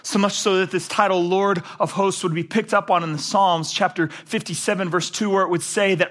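A man preaching a sermon, animated, swinging between loud emphatic passages and low quiet ones. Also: fairly quick, hardly any pauses. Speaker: pastor.

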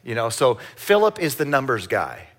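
A man preaching a sermon, reading scripture slowly and acting out the disciples' voices in lively asides, having the congregation repeat lines. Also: medium pitch. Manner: animated, acts out voices in Bible stories. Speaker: pastor.

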